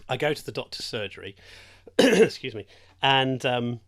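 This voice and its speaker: A man's voice: medium pitch, sing-song, moderate pace, a bit bright. An older man presents hospital radio from a studio. He talks in a chatty, rambling storyteller's way and laughs often as he goes. His voice sits in the middle of the male range. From England. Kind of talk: casual chat.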